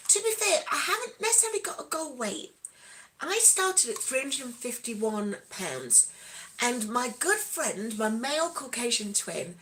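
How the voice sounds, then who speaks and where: A woman hosting a live question-and-answer stream, chatting in a rambling, animated way with many asides. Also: on the high side, low-quality recording. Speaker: stream host. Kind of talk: casual live Q&A chat.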